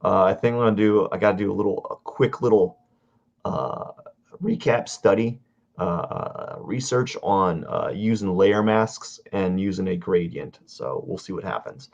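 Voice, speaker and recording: A man casually talking through a drawing livestream, rambling and halting as he searches for words. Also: low-pitched, gravelly, highs cut off. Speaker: artist streaming a drawing session.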